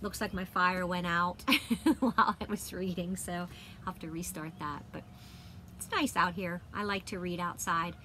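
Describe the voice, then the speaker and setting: A woman's voice: lowish voice, steady tone, moderate pace. A woman reading a children's chapter book aloud outdoors in a friendly, chatty way. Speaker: storybook reader. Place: outdoors by a fire. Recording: loud outdoor noise. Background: wind and a barking dog.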